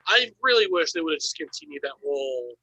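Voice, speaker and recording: A man's voice: on the high side, sing-song, brisk, lo-fi sound, crowd noise. A man in a casual chat, rambling through his opinions.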